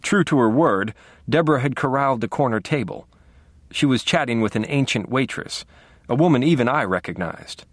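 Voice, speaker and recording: A man narrating a first-person audiobook in a dry, wry, deadpan manner, close to the mic in a studio. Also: fairly low pitch, normal speed, dry recording.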